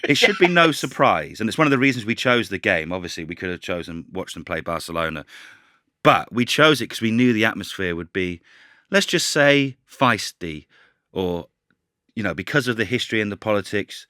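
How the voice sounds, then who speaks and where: A man guest-hosting a football podcast, telling an animated story in casual chat and swearing freely. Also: fairly low pitch, brisk, no echo, studio quality.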